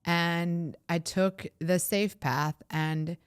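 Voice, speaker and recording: Woman in her 30s podcasting, slow and heartfelt, smooth voice, dry close sound. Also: on the low side, fairly even intonation, no room sound. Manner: heartfelt, emotional, laughs often. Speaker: podcast host. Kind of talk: personal reflective monologue.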